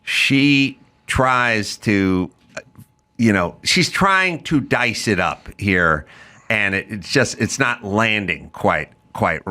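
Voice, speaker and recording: Man, podcast host, sarcastic riffing, mock accents, bright lively voice. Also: on the low side, slow. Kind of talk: casual chat.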